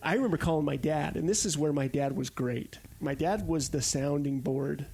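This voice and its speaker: A man's voice: fairly high pitch, moderate pace, creaky, dark tone, breathy edge. A man in his forties from Arizona, a podcast guest telling stories casually and animatedly, acting out the quotes. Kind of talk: casual storytelling.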